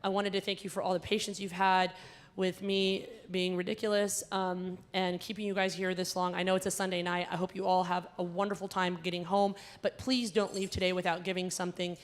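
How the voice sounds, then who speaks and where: A young woman from the American South is emceeing a gala and telling a stand-up story. She tells it with animated energy, and she gets loud and punchy when she acts out the quoted lines. She speaks into a handheld microphone in a large performing arts hall. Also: on the low side, fairly quick. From Southern United States.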